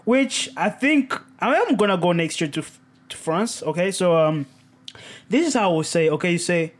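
A young man hosting a casual solo podcast, animated and self-mocking, laughing often as he stumbles through broken French phrases. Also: high-pitched, a little slow. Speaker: podcast host.

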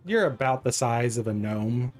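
A man's voice: medium pitch, expressive, moderate pace, soft background music. A man narrating as game master in a tabletop game, loose and rambling with frequent ums.

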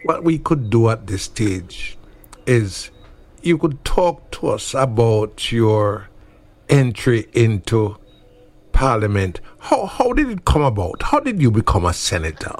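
A male interviewer with a measured way of talking who keeps affirming with "mm-hmm". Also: mid-range voice, sing-song.

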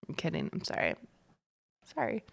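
A tipsy young woman co-hosting a podcast, loud, profane and giggly. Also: normal speed. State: drunk. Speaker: podcast co-host. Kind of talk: tipsy casual chat.

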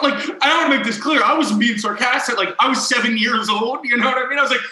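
A man's voice: sits high, quick pace, few pauses, pushed and bright, reverberant, poor audio. A young man hosting a podcast, telling a story in a rambling way full of "like" and acted-out quotes. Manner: rambling, heavy on "like", acts out quoted people. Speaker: podcast host. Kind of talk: casual storytelling chat.

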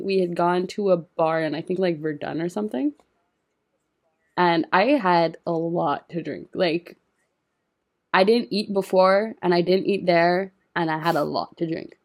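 Young woman, low-ish voice, relaxed, laughs easily, swears. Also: unhurried. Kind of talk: casual chat.

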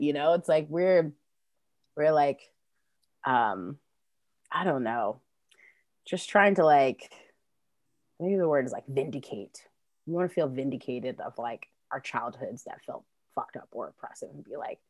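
Low-voiced woman, casual and profane. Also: expressive, unhurried, a little mellow, dry recording. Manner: loose, profane, heavy on fillers, laughs easily. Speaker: punk band musician. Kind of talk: casual interview chat.

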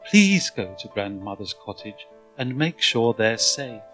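A man's voice: on the low side, very animated, a little slow, a bit bright, faint music behind. A man voicing a worried mother in a storybook, pleading anxiously.

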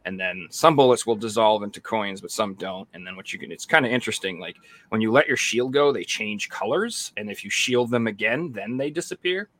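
A man with an Australian accent chatting casually on a gaming podcast, acting out his own reactions in sudden high bursts. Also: lively intonation, brisk, fairly bright tone. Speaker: podcast co-host. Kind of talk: casual chat.

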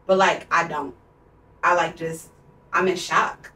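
Her voice sits on the low side, pushed and bright, moving at a slow pace with fairly even intonation, and there's a little hiss or hum. She's a young podcast co-host in her twenties, candidly and emotionally relating something personal while using "like" constantly. The sound is roomy, picked up from a distance.

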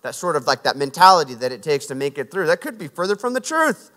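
Recorded in an echoey hall with long reverb, a preacher who was once a Navy SEAL delivers a sermon woven with stories from his military training. He speaks earnestly and conversationally, restarting sentences, in a slightly high, sing-song, fast voice with a sharp tone.

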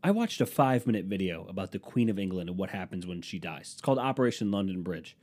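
A man with a stuffy nose doing a profane comedy rant at home, swinging between loud outbursts and low mutters. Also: sing-song, fast. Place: room at home with a dehumidifier running.

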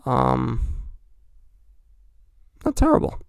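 Gravelly, rambling man on a podcast. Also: medium pitch, wildly swooping pitch, drawn-out words, dry recording, clean studio sound. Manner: rambling, chatty, self-correcting. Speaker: podcast host. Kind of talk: casual hobby talk.

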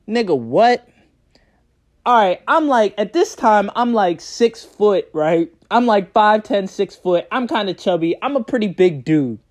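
A young man telling a story in a casual vlog, animated and profane, often breaking into laughter. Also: sits high, a little slow. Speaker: vlogger.

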